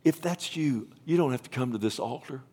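A man's voice: mid-range voice, lively intonation, a little fast, slightly rough. Emotional preaching man in his fifties. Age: 50s. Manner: rambling restarts, rising to loud proclamation; emotional, pleading. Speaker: pastor. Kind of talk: sermon with altar call.

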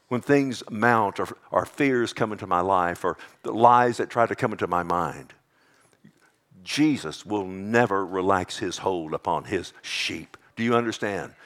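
A middle-aged male pastor preaching a sermon, quoting scripture and pressing his points with rising emphasis. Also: fairly low pitch.

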